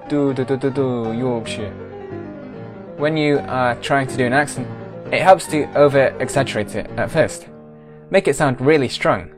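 A man co-hosting a language lesson in clear, explanatory scripted narration. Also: mid-range voice. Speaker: accent teacher, co-host.

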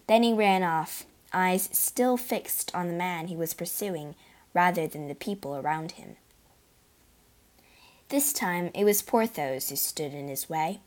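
A woman narrating a children's adventure storybook in a clear, steady reading voice. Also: on the low side, unhurried.

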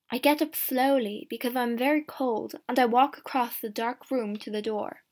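A woman narrating a first-person storybook slowly and clearly. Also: fairly high pitch, steady tone, darkish tone. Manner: slow, clear and deliberate. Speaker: audiobook narrator.

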